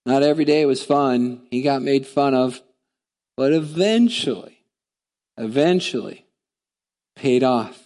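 A man preaching to his church, retelling a children's story in a lively, casual way. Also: medium pitch, normal speed. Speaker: pastor.

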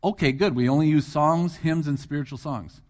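A man's voice: fairly high pitch, moderate pace, long reverb tail. A middle-aged man preaching a sermon as guest preacher, talking in a conversational way, asking the congregation questions and repeating phrases for emphasis. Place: church hall.

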